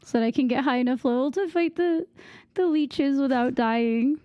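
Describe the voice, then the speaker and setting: Young woman rambling over gameplay, high mellow. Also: normal speed, no echo, highs cut off, soft background music. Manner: rambling, distracted, filler-heavy with "like". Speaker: gaming streamer. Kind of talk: casual gameplay chat.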